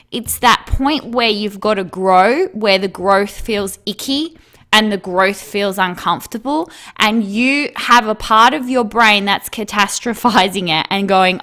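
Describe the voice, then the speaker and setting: A woman coach talks viewers through emotional eating in a relaxed monologue. Her pitch sits in the middle range. She leans on filler words and checks in with "right?" as she goes. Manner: casual, frequent "like" and "right?", laughs between points. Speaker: weight loss coach.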